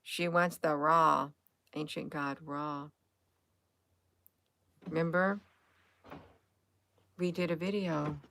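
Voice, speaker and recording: Slow, drained woman musing aloud. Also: deep voice, steady tone, vocal fry, fairly bright tone, a little hiss or hum. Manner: rambling, hesitant, with frequent "um" and restarts. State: tired, drained. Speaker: conspiracy commentary vlogger. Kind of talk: casual commentary over images.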